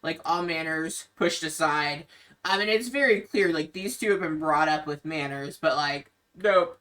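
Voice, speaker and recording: Slow-talking woman game master. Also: sits low, recorded from a distance. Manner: relaxed, slow storytelling with fillers. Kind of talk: narrating a tabletop game.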